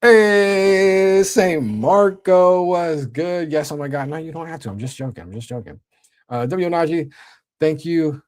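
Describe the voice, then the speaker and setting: A young man hosting a casual livestream, talking in a laid-back, slang-heavy way while reading and shouting out his chat. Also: on the high side, a little fast. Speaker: livestream host.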